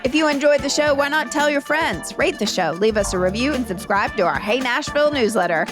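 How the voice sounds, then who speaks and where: A woman's voice: high-pitched, expressive, brisk, over music. A woman hosting a city podcast, interviewing a guest and signing off the show with upbeat energy. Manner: upbeat, encouraging reactions. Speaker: podcast host.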